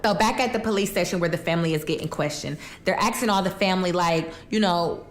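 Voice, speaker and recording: A woman's voice: mid-range voice, fast talker, hardly any pauses. A young woman casually telling a true crime story while eating, chatty and colloquial, acting out the quotes.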